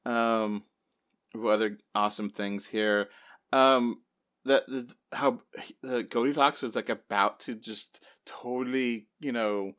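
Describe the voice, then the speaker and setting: Speaking slowly at a medium pitch, this podcast host chats casually about a film with spoilers. He rambles, uses plenty of fillers, and throws in lively quoted reactions.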